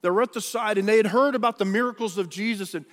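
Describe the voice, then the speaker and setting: Preaching a sermon, a man speaks in a high, slightly bright, earnest voice at a quick pace, often restarting his phrases. His delivery feels conversational rather than polished. A long echo carries his words across a large church hall.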